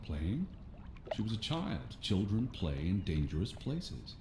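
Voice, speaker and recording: A man playing a curt, grieving American gentleman scholar in a horror game, speaking dryly. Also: lowish voice, sing-song, unhurried, a little hiss or hum. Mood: blunt. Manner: dry, curt. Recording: roomy, with game music behind.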